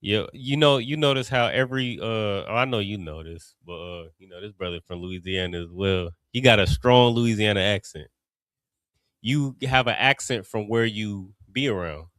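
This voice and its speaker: Man, Ohio accent, low voice, relaxed class teacher, dry sound. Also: normal speed, dry recording. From Cincinnati, Ohio. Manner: conversational, loose, many fillers and restarts. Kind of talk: casual teaching talk.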